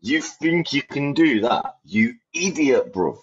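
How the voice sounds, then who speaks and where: A podcast host talks bluntly in a heated casual chat, swearing a lot and repeating himself for emphasis. His medium-pitched voice is animated but slow. The audio is dull and lo-fi with a little hiss or hum.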